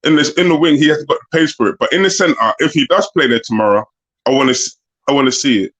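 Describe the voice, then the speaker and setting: A man's voice: mid-range voice, expressive, quick pace, fairly bright tone. A man explaining his views emphatically as a panelist, heard over a dull lo-fi remote mic. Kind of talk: casual chat.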